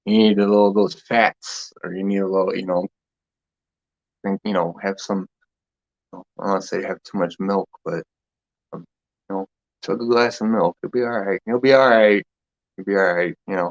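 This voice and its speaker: A man's voice: deep voice, muffled recording. A man hosting a casual spiritual talk session. He rambles and meanders, laughs often, and trails off mid-thought.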